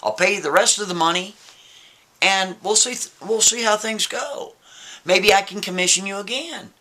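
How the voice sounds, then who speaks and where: A man voicing a brisk businesslike woman buyer. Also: high-pitched, sharp tone, pitched above the performer's own voice.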